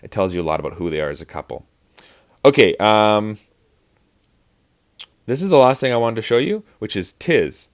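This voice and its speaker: A man's voice: on the low side, lively intonation, moderate pace, pauses often. A man explaining verse rhythm as an acting teacher, in a chatty lesson with frequent fillers and restarts. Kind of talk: online lesson on verse speaking.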